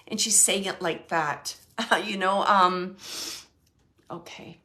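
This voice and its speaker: A middle-aged woman giving a mediumship reading, relaying a spirit's message in halting, searching speech full of fillers and repeats, sometimes hushed and sometimes brighter. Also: medium pitch. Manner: soft and hushed at times, then brighter and laughing.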